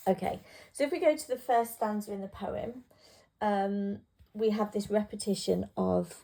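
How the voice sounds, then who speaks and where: A woman's voice: medium pitch, normal speed, creaky, dark tone. A woman tutor talking through a poem in a casual revision lesson, with plenty of ums and restarts. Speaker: English literature tutor.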